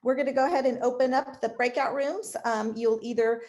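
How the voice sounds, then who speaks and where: A woman's voice: a little high, steady tone, a little fast, darkish tone. A woman moderating an online event over a video call, upbeat and friendly as she makes announcements. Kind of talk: announcing breakout rooms.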